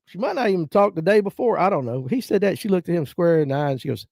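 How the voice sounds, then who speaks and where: A Southern man in his fifties with a North Georgia accent chats to his viewers in a folksy, storytelling way. His voice sits slightly high but sounds mellow and relaxed. It is recorded close to the mic, dry, with no room sound. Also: quick pace, creaky, no echo. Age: 50s. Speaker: livestream host. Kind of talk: casual chat reading viewer comments.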